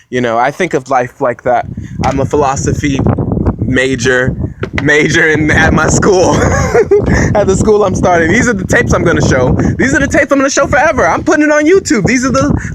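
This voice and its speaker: A man's voice: mid-range voice, a bit bright, slight background noise, poor audio. A young man rambling through a self-mocking monologue, jumping between grand claims, recorded on a phone. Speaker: vlogger.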